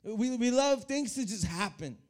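A young man preaching a lively sermon to a youth congregation, often repeating his words as he builds energy. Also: extremely high pitch, a little slow. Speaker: youth pastor. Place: church hall.

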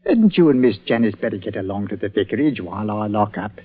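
A superstitious village greengrocer speaks with a husky, rough edge. His voice rises and falls a great deal, and he talks in a folksy, deferential way. The sound is dull and muffled, like an old radio broadcast. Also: lowish voice, animated, quick pace. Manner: folksy, deferential, rustic grammar. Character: superstitious village greengrocer and church bell-ringer, man, middle-aged. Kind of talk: 1940s radio acting.

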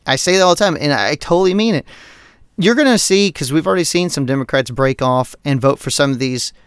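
Male podcast co-host, smooth resonant voice, higher register, heated profane rant, dry close sound. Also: fast talker, dry recording. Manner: profane, heated, animated ranting. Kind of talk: casual political rant.

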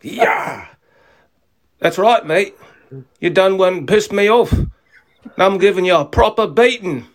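Brief: a loud, high mock-Cockney bruiser played by a man, all bluster and threats, as a slightly distant playback. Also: lively intonation, takes it slowly, long pauses. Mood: menacing. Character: blustering Cockney tough guy threatening a beating.

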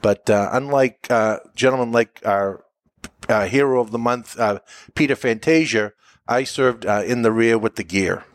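A middle-aged man, a military veteran, answering interview questions and telling stories in a measured way, often pausing with "uh". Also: medium pitch, no room sound. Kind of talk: relaxed interview answers, storytelling.

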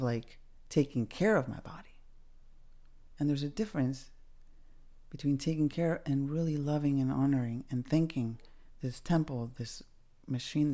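A woman's voice: sits low, creaky, warm tone. A middle-aged woman hosting a podcast, telling a personal story in a candid, casual way, swearing now and then. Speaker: podcast host.

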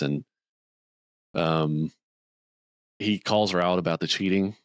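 A man's voice: steady tone, slow, long pauses, fairly bright tone, clear, resonant tone, no echo, clean studio sound. A man co-hosting a podcast, rambling through a movie plot in casual chat and acting out the characters' lines. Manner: rambling, acts out characters' lines in higher voices. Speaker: podcast co-host.

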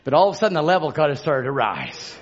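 A man preaching a fervent sermon in a church, shouting and calling out to the congregation. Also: fairly high pitch, sing-song, fast, slightly rough, muffled recording. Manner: shouting, call-and-response exhortation. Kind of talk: fervent Pentecostal-style sermon. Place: church sanctuary.

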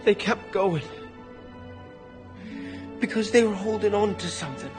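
An actor playing a loyal young male hobbit, speaking softly and earnestly to his friend. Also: sits high, unhurried, music in the background. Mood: tender, earnest. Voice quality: soft, earnest storytelling delivery. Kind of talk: film drama acting. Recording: film clip under a loud orchestral score.

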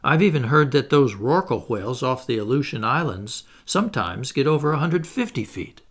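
Guy doing a blustery canadian harpooner, loud, gravelly, all worked up. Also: mid-range voice, very animated, normal speed. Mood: blustering. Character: brash excitable Canadian harpooner, grown man.

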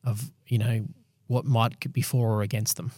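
A man's voice: mid-range voice, little pitch movement, normal speed, darkish tone, dry recording, studio quality. A man hosting a podcast, earnestly explaining a Bible passage in a conversational way. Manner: earnest, explanatory, with affirming interjections. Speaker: podcast host.

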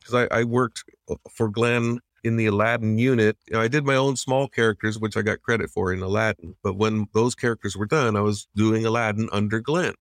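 This middle-aged man, a veteran animator, has a lowish, fairly even voice and speaks a little fast on a dry, studio-quality recording. Telling stories in a casual interview, he comes across as earnest and reflective, with frequent restarts and acted-out quotes.

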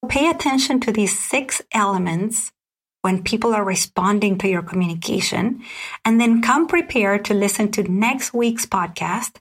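Woman, podcast host, calm, measured, steady mid pitch, lists questions one by one. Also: husky. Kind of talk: scripted solo podcast teaching.

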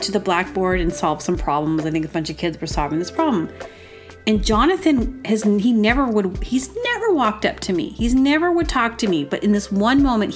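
A woman hosting a podcast, telling comic personal stories in a rambling, animated way and acting out quotes in exaggerated voices. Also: mid-range voice. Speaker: podcast host. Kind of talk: casual comedic storytelling. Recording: music playing behind.

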